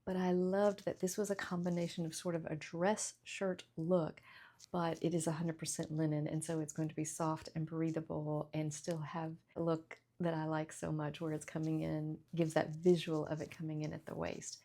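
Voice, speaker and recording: A middle-aged woman with a lowish voice talks through a casual clothing haul. She gushes, giggles often and slips into hushed whispers when she points out small details. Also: level tone, normal speed. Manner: gushing and giggly, drifts into soft whispers when showing details. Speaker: fashion vlogger.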